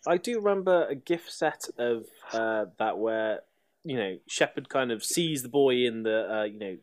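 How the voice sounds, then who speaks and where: A man chatting casually, hesitant and full of fillers. His voice is mid-pitched. The sound is close and dry. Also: animated, moderate pace, no echo. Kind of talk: casual chat.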